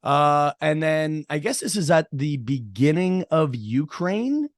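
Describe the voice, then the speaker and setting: A man's voice: on the high side, lively intonation, slow pace, dry recording, clean studio sound. A middle-aged man hosting a casual podcast interview, telling a story in a rambling way with many restarts and fillers. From Irish heritage, New York area. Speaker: podcast host.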